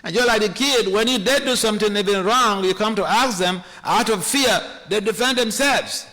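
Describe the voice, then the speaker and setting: Man preaching, high lively voice, bright tone, long hall reverb, halting restarts. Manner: animated, acts out quoted voices, laughs often. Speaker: speaker giving a scripture class. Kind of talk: sermon. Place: temple hall.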